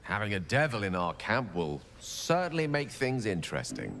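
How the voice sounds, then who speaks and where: An eloquent wizard companion from a video game. His low voice moves through lively, expressive inflections in a courtly, wry manner. He sounds composed and articulate. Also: normal speed, slight background noise.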